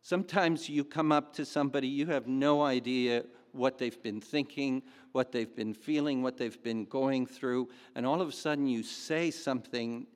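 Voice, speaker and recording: Pastor preaching in a reverberant hall. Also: male voice, medium pitch, normal speed, hardly any pauses. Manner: conversational storytelling, with fillers and asides. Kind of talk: sermon.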